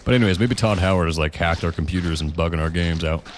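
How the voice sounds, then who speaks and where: A man's voice: sits low, fast talker. A young man co-hosting a gaming channel, joking and swearing casually about glitches while he plays. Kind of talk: casual gameplay chat. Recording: noisy home recording.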